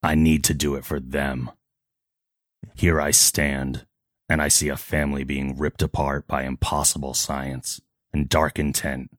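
A man doing a grim, very deep Batman. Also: level tone, no echo, studio quality. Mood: resolute. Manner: solemn, measured delivery. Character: grim brooding male vigilante hero.

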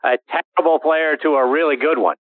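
A man's voice: fairly high pitch, fast talker, no echo. Male radio host on a narrow line. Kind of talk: radio interview. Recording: phone-line radio sound.

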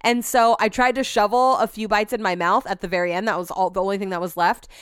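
Talking fast with fairly even intonation, this young woman's mid-range voice sounds clean, studio quality with no echo. She hosts a casual podcast chat, spinning meandering, self-mocking stories with frequent asides.

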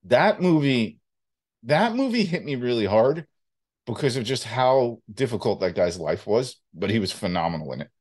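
A young man chatting on a podcast, an animated storyteller whose voice moves lively up and down. His pitch sits in the middle for a man. He swears casually as he talks. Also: normal speed. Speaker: podcast co-host. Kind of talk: casual chat.

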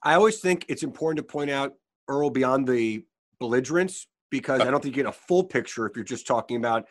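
A man's voice: mid-range voice, lively intonation, a little fast. A man hosting an interview, asking thoughtful, leading questions and stumbling a little as he rephrases. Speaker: interviewer, host.

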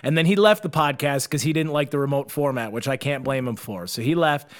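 A young man co-hosting a podcast from his basement, telling jokes and stories with loud laughter. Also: mid-range voice, a little fast. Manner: loud, laughing storyteller who slips into shouted character voices. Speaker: podcast co-host. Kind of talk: casual podcast banter. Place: home basement.

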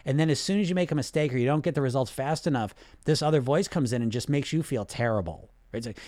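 Man, weight loss coach, teaching talk, conversational, tag questions, mid-pitched, dry close sound. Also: fast talker, hardly any pauses, darkish tone, no echo. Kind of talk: instructional talk.

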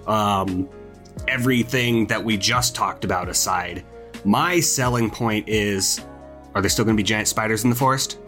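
A man's voice: fairly low pitch, moderate pace, sharp tone, soft background music. A man co-hosting a casual gaming podcast, joking with wry interjections. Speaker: podcast co-host. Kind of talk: casual chat.

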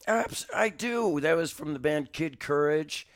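A man's voice: a little high, lively intonation, a little slow. Older guy rambling through a story, keeps restarting, pokes fun at himself. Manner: rambling, self-mocking, many restarts. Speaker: guest musician. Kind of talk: casual interview storytelling. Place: studio.

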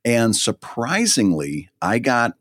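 A man's voice: mid-range voice, huge pitch swings, slow pace, fairly bright tone, no echo, studio quality. A man chatting casually on a podcast, rambling and self-deprecating, laughing often.

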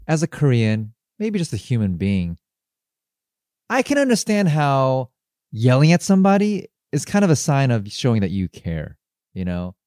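A man with a very lively, up-and-down pitch talks on a casual podcast. He is hesitant and halting, restarting his thoughts. His recording sounds dry and close. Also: no echo. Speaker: podcast co-host. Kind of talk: casual chat.

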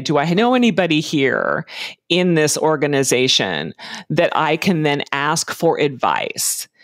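A woman answering interview questions about job hunting in a measured, advising way, with frequent ums and uhs. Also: deep voice, no echo, studio quality. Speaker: career and hiring advice guest.

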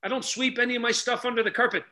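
A middle-aged man telling stories loudly on a podcast, acting out each character's lines as a relationship coach. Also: very high-pitched, racing. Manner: animated, loud, acts out dialogue. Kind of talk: energetic storytelling in casual chat.

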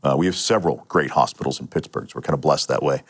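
Telling his own story in a podcast interview, this low-voiced, middle-aged Pennsylvania man talks at a quick pace with a slightly rough voice. The retired police sergeant stays matter-of-fact, with frequent restarts and fillers.

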